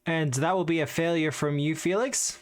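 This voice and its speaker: Guy gm-ing a tabletop game, voice sits a bit high, laid-back calls on the rules. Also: normal speed. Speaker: game master. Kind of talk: running a tabletop game over voice chat.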